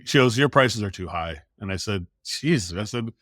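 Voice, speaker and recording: A man's voice: on the low side, normal speed, no echo, clean studio sound. A middle-aged American man, a sales coach, telling a story in a podcast interview, acting out the voices and swearing casually. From United States. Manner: animated storytelling, acts out quoted dialogue, casual swearing.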